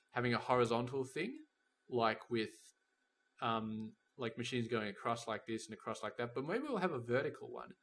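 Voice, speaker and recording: A man's voice: mid-range voice, fairly bright tone. Man thinking aloud over gameplay. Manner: thinking aloud, talks to the game's robots and trains. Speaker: gameplay commentator. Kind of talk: casual let's-play commentary.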